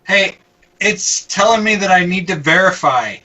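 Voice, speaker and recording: Bright-voiced man, off mic, stumbling and laughing. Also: high-pitched, lively intonation, distant mic, rough recording. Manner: halting, laughs often, stumbles over words. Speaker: podcast co-host reading listener email. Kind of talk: casual podcast chat.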